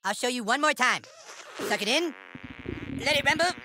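A man's voice: extremely high pitch, lively intonation, normal speed, noisy background. A man voicing a bossy, scheming boy who plays a wizard leader, talking in a pompous, commanding way in a video game. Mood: coaching. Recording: game audio over loud music.

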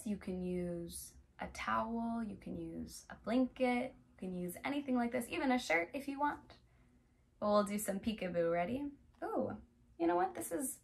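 A young woman teaching a music class for toddlers, speaking gently and playfully and asking the little ones lots of questions. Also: a little high, vocal fry. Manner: gentle, playful, talks straight to small children with many questions.

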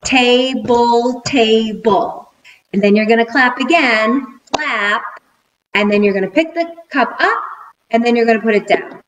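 A middle-aged woman teacher giving a cheerful video lesson to young children, counting out rhythms slowly and clearly. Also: a little high, a little hiss or hum, poor audio. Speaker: school teacher.

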